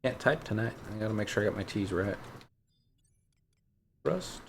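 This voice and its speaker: A man streaming a video game, thinking out loud in a casual, musing way as he weighs his choices. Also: on the low side, expressive, normal speed, creaky, slight background noise. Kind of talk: casual live-stream commentary. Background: faint game music.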